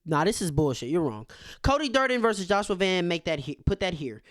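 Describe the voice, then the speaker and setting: A man's voice: sits high, expressive, brisk, fairly bright tone, dry recording, clean studio sound. A man co-hosting a casual sports reaction chat, laid-back and blunt as he pushes back. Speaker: podcast co-host.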